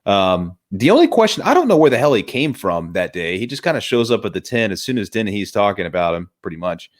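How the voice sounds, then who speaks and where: A man's voice: on the low side, very animated, fast. A man hosting a casual movie review chat, enthusiastic and rambling, often restarting his sentences.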